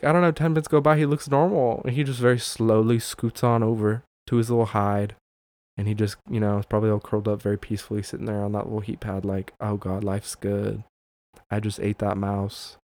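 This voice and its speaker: A man's voice: mid-range voice, little pitch movement, quick pace, darkish tone, no room sound. A man hosting a casual solo podcast, rambling, swearing and laughing often, with many fillers. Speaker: podcast host.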